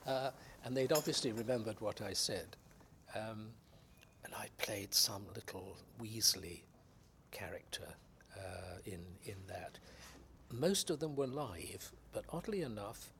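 An older man from England's West Country, an actor guest reminiscing in unhurried anecdotes about his career. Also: fairly low pitch, animated, creaky, fairly bright tone, a little hiss or hum. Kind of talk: reminiscing interview.

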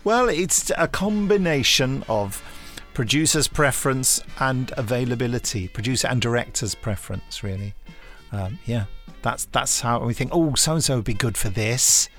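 Relaxed hesitant male podcast host. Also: mid-range voice, normal speed, few pauses, soft background music. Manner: relaxed, hesitant, full of ums. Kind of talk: casual chat.

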